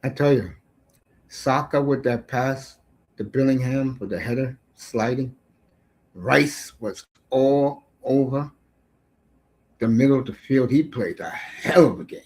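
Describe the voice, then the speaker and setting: A middle-aged man hosting a sports talk show, giving a brash, profane casual rant that swings between shouts and mutters. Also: mid-range voice, slow pace, pauses often, rough recording.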